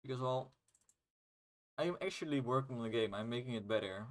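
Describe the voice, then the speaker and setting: A young indie developer playtests his own game on stream, rambling casually and swearing every so often in English, which isn't his native language. His medium-pitched voice is brisk.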